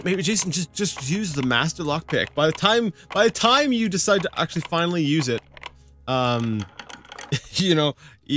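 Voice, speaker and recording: Bright rambling man narrating gameplay. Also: a little high. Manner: rambling, stammers and repeats words. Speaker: let's play host. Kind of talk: casual gameplay commentary.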